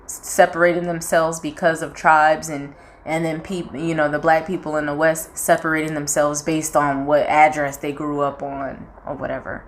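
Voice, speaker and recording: A woman's voice: low voice, flat delivery, normal speed, a little hiss or hum. A young woman from North Carolina with a Southern accent, chatting frankly and talkatively as a channel co-host. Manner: frank and talkative, acts out quoted voices. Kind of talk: casual chat.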